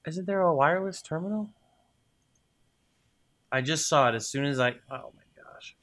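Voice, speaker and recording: A man with a fairly high, slightly bright, animated voice talks at a moderate pace as he plays a game. The gaming video host comments casually, talks to the items, mutters to himself, and cheers when things work.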